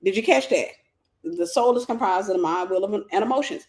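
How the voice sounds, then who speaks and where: A woman's voice: medium pitch, brisk, darkish tone. A woman teaching a faith-based life lesson in a conversational way, telling stories with playful asides and acted-out voices. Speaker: Christian teacher and mentor.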